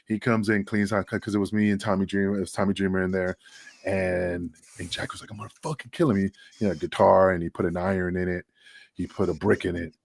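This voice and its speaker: A middle-aged man and former pro wrestler, guesting on a podcast and telling rambling, profane stories, loudly acting out the voices of the people he quotes. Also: low-pitched, level tone, fast, creaky, dry recording. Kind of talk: casual storytelling on a podcast.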